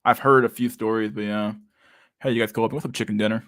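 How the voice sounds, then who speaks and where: A man's voice: fairly low pitch, fairly even intonation, quick pace, fairly bright tone, no echo, studio quality. A man in his thirties hosting a casual live stream, reading viewer comments aloud in a loose, profane way and saying "dude" a lot. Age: 30s.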